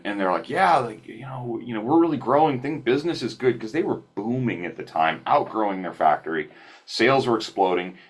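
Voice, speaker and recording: A man guest on a podcast, telling stories casually over a remote call, animated and self-deprecating with frequent restarts. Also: low voice.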